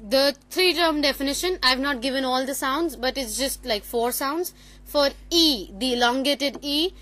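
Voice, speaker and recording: High bright-voiced woman presenting a lesson. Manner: explanatory, with self-corrections. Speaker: student presenter. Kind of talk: classroom presentation on phonetics.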